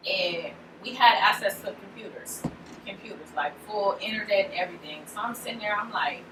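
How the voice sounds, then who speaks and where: A woman's voice: medium pitch, brisk. A woman casually telling her own story on a podcast, full of "like" and acting out the lines of the people in it. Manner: animated, full of "like", acts out quoted lines. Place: room in a shop with co-hosts. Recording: roomy, distant mic, noisy background.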